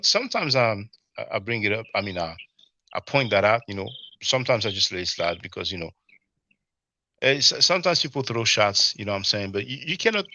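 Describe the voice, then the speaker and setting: Forceful French-accented man, rambling talk. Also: medium pitch, no room sound. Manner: rambling, keeps adding "you know what I'm saying". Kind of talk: casual livestream discussion. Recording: dry, slightly dull stream audio.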